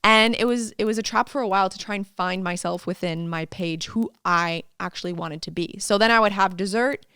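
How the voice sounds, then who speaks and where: A woman guest and fitness coach chatting in an interview, a lively storyteller who laughs often and acts out what people said. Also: medium pitch, a little fast, clean tone, no echo, clean studio sound. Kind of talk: casual interview chat.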